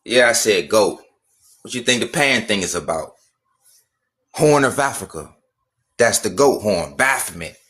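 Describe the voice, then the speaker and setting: A man's voice: fairly low pitch, lively intonation, measured pace, long pauses, fairly bright tone. Emphatic man ranting on a livestream. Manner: emphatic, repetitive, rhetorical questions. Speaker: livestream host. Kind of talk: casual livestream rant.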